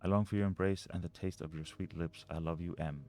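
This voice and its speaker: A man's voice: sits low, steady tone, brisk, warm tone. A man playing a mystery video game, reading notes and letters aloud and muttering over the puzzles. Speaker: let's play gamer.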